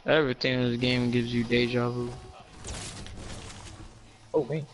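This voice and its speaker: A young man playing a shooter game, making quick callouts and rambling. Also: medium pitch, level tone. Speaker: gamer. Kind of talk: casual gaming chat.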